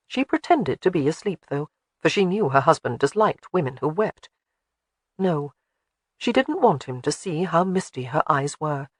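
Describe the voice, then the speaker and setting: A man reading an audiobook in a measured, even way. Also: a little high, no echo. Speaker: audiobook narrator. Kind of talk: scripted narration.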